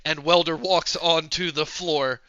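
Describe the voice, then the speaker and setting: A man narrating as game master of a tabletop game, lively and laughing. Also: fairly high pitch, measured pace, clear, resonant tone, no echo. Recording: dull lo-fi recording.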